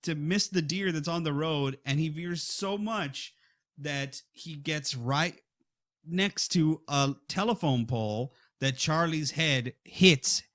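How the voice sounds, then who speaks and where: A man co-hosting a horror film podcast, retelling a scene in lively casual chat and acting out the characters' lines. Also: on the high side, takes it slowly. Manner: animated storytelling, acts out quotes. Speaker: podcast co-host.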